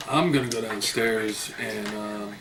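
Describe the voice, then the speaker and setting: A man with a lowish voice mumbles his moves offhand at a tabletop game. The room around him rings with echo. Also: steady tone, measured pace, vocal fry, over a noisy crowd. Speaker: player. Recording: echoey room.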